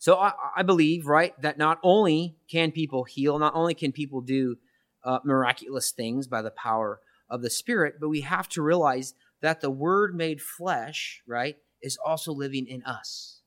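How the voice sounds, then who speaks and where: A man's voice: a little high, normal speed, a bit bright. A church minister preaching an earnest, reflective testimony, often checking in with his listeners with "right?". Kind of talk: sermon-style testimony.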